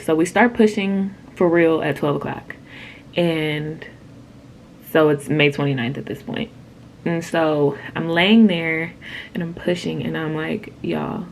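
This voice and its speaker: A young woman with a low-pitched voice tells her story in a loose, chatty way and keeps saying "like". There is a faint hum behind her. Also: creaky. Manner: chatty, candid, says "like" a lot. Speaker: vlogger telling her birth story. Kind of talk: casual storytelling.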